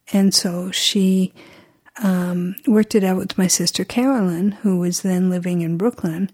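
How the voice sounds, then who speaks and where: A middle-aged woman telling a personal story in a reflective, halting way, often restarting her sentences. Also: fairly low pitch, a little mellow, husky.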